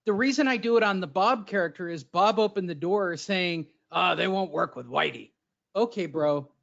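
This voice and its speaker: Brash, crude podcast co-host, male, high-pitched, muffled lo-fi sound. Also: fairly bright tone. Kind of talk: casual chat. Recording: dull lo-fi audio.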